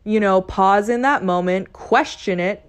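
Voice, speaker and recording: A woman's voice: medium pitch, a little slow, smooth. Chatty, cussing young woman podcaster. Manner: chatty, profane, playful, mimics excited voices. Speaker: podcast host. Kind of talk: casual solo podcast talk.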